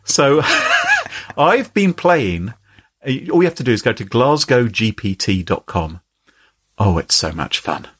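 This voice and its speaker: A man hosting a podcast, chatting in a lively, playful way. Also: medium pitch, slow pace, long pauses, slightly rough. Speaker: podcast host. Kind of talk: casual chat.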